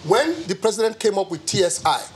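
A man's voice: high-pitched, very animated, fairly quick, slight background noise, rough recording. A Nigerian man speaking as an analyst on a TV panel, impassioned and raising his voice. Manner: impassioned, voice rising. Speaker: analyst guest. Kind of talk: TV panel discussion. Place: TV studio.

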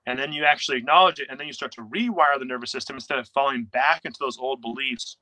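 A young man speaking as a coach in a casual interview, rattling along at a fast clip. His voice is bright and forceful. He is animated and slips into quoted inner voices as he explains. The recording is dry and close. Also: medium pitch, dry recording, low-quality recording.

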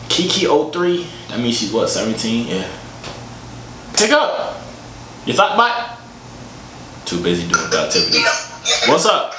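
A man vlogging while video chatting with strangers, talking in a playful, teasing, slangy way. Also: deep voice. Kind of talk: casual joking video chat. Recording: echoey room with background noise.

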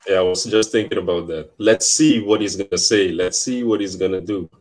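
A man with a very low voice who chats briefly and easily, then reads scripture aloud at a steady pace. His tone is relaxed and unhurried. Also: slight background noise. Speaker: co-host reading scripture. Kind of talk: casual chat and reading scripture aloud.

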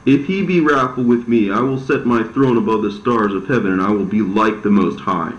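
A man voicing the devil, an envious, deceitful fallen angel who talks in a smooth but aggrieved way. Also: lowish voice, a little fast, natural voice. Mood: bitter. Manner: smooth-talking, bitter, aggrieved. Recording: roomy, slightly dull recording.

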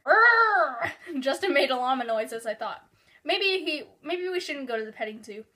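A woman's voice: high-pitched, expressive, brisk. A young woman vlogger reading her childhood story aloud, giggling and breaking into sudden exaggerated outbursts.

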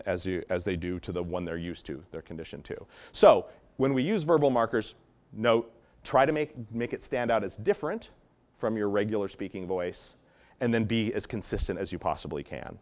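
A man explaining dog training methods in an animated teaching talk, acting out example tones of voice as he goes. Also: fairly low pitch. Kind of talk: instructional talk.

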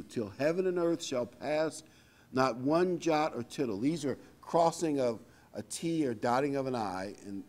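A man preaching a sermon in a relaxed, conversational way, reading scripture aloud between his own remarks. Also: medium pitch. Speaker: pastor.

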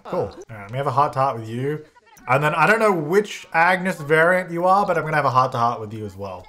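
A man's voice: a little high, expressive, fairly quick, sharp tone. Guy doing chatty let's-play commentary, voice bounces up and down a lot, talks back at the game characters. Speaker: gaming channel host.

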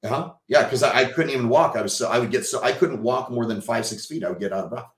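Speaking fast in a mid-range voice, a man from Texas appears as a podcast guest and shares a lively personal story. He swears casually, imitates what others said, and the room echoes.

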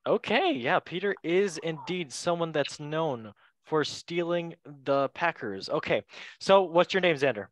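A young man hosting a casual football podcast, playful and quick to laugh, with goofy asides. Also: fairly high pitch, expressive, no room sound. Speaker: podcast host.

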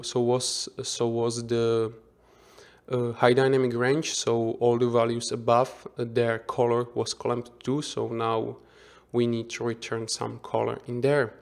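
A man giving an unscripted software tutorial as instructor, thinking aloud with frequent restarts and self-corrections. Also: medium pitch, gravelly. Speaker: 3D visualization instructor.

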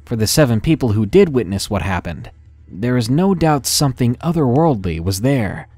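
A man reading a first-person horror story in a measured, dramatic narration style. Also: medium pitch, very animated, dark tone, no room sound.

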